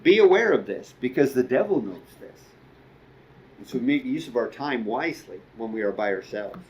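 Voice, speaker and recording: A man's voice: medium pitch, expressive, moderate pace, a little mellow, lo-fi sound. A middle-aged man preaching a sermon as a guest speaker, conversational, with asides and quoted dialogue.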